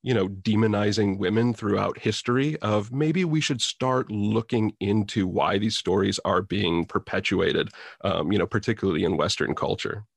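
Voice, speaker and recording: A man co-hosting a podcast speaks in a measured way, pausing on "um" and "uh" as he works through his thoughts. His low voice has a gravelly fry to it, and the recording is dry and close, with no room echo. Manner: measured, hesitant with "um" and "uh". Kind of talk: casual podcast chat.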